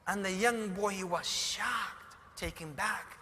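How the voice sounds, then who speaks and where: A man preaching in English, telling a story with quiet passages and sudden shouted emphasis. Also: high-pitched, sing-song, measured pace. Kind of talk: sermon storytelling. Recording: hall reverb.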